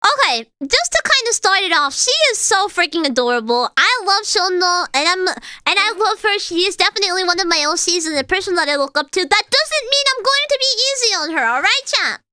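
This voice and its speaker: Young woman streamer, high and bright, dry mic, casual explainer of singing. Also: very animated, fairly quick, hardly any pauses, no room sound. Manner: chatty, explains singing and demonstrates lines. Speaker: streamer and voice actor. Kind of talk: casual reaction stream chat.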